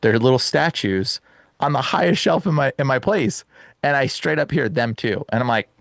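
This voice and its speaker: A young man recounts a personal story in a lively, rushed way, his voice jumping up whenever he quotes himself, and he breaks into laughter between lines. The sound is dry and close, with no room in it. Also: medium pitch, dry recording. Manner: animated, laughs often, says "bro" and "dude". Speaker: guest. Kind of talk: excited storytelling.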